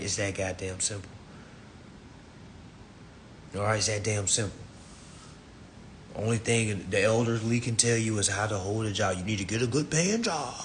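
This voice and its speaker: Profane ranting man, swinging loud and low. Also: a little hiss or hum. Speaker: social media lecturer. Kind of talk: ranting Instagram live talk. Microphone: phone.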